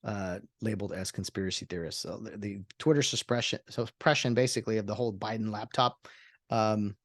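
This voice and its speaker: A man's voice: fairly low pitch, steady tone, fairly quick, fairly bright tone, no room sound, studio quality. A man hosting a solo podcast, rambling in casual talk with lots of fillers and sarcastic asides. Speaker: podcast host.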